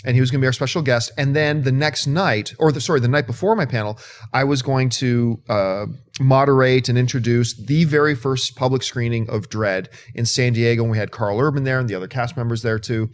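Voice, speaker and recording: A man hosting a casual movie news chat, excitable and emphatic, repeating words when he gets worked up. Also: medium pitch, fairly quick. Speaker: host.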